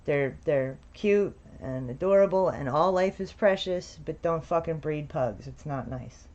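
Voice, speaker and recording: A woman's voice: low voice, unhurried, darkish tone. A woman giving blunt, sarcastic reaction commentary on a streamer's video, swearing freely. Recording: dull lo-fi recording.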